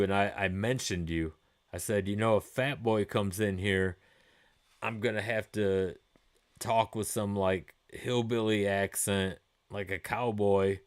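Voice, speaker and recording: A man in his forties hosting a gaming live stream, chatting with viewers in a rambling, laid-back way and swearing freely. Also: fairly low pitch.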